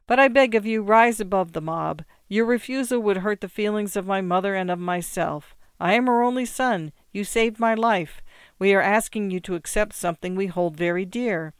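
An effusive young man with a pleading, eager way of talking, brought to life in a short story reading by its reader. The voice is smooth and resonant, recorded close and dry. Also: mid-range voice, moderate pace, no room sound, lightly acted. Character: grateful young man pressing a gift.

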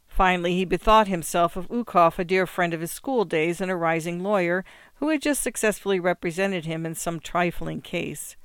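A narrator reading a classic short story aloud in a measured, expressive manner. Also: medium pitch, smooth, no room sound.

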